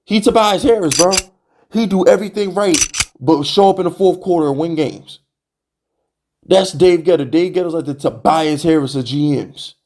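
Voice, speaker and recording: A man's voice: on the high side, normal speed. Fired-up man ranting about his team. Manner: animated, exasperated, repeats "bro" and rhetorical questions. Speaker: sports fan channel host. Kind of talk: heated fan rant to camera.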